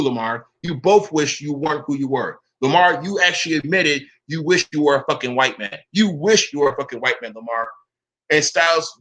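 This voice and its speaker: A man's voice: fairly high pitch, a bit bright. A man in a profane, confrontational rant to camera. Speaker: online commentator.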